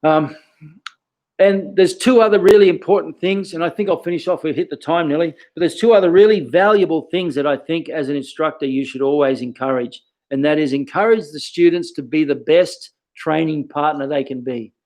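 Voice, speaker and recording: A man's voice: a little high, fairly quick, darkish tone. A man, a karate instructor giving casual teaching advice, peppering his talk with questions and "okay".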